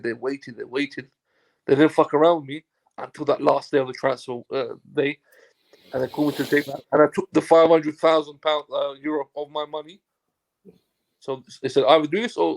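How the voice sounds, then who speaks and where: This Turkish football agent, a guest, tells his story briskly in a fairly high, gravelly voice. He's a lively storyteller who swears freely and acts out what others said.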